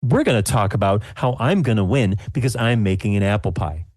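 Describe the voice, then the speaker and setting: A man's voice: on the low side, expressive, a little fast, a little mellow, no echo, clean studio sound. A man voicing a small, fussy woman competing in a pie contest, gushing and stammering. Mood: snippy.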